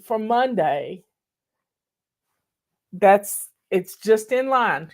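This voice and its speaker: Slow, teary woman host. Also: medium pitch. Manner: folksy, warm-hearted, emotional, drawling. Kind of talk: casual live video chat.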